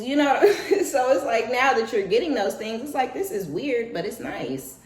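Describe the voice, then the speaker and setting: Profane, animated woman giving a reading. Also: on the high side, moderate pace, few pauses, roomy sound. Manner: profane, animated, acts out voices with laughter. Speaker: tarot reader. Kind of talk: casual spiritual reading monologue.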